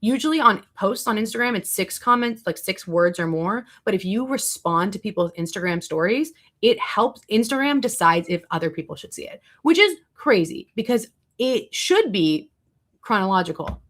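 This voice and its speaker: A woman's voice: mid-range voice, animated, normal speed, fairly bright tone. A young woman chatting on her livestream in a rambling, casual way, reading and answering her chat as she goes. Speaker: livestreaming content creator.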